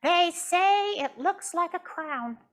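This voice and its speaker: A woman's voice: extremely high pitch, expressive, slow pace, pitched above the performer's own voice, heavily acted. A woman voicing Jasmine, a sulky and indignant young girl puppet who talks in a pouty, insistent way.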